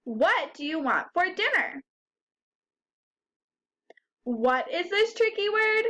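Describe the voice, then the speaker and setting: A woman teaching a first grade phonics lesson, who sounds out words slowly and clearly and asks the children questions. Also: very high-pitched, very animated, bright, forceful tone.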